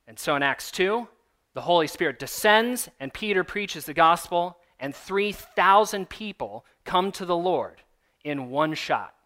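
Bright-voiced man preaching a conversational sermon. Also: high-pitched, expressive, a little slow. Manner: conversational, emphatic teaching with asides. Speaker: pastor.

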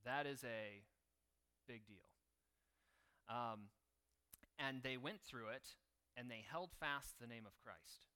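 A man delivering a sermon to his church in a relaxed, conversational way, stopping on fillers as he goes. His voice is bright and clear, and he sits at an average pitch for a man. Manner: conversational preaching, reading a martyr account aloud. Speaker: pastor.

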